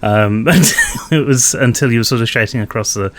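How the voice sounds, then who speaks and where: Bloke hosting a cast chat, jokey n rambly, ordinary pitch. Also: male voice, fairly quick. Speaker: host of cast behind-the-scenes chat. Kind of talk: casual panel chat.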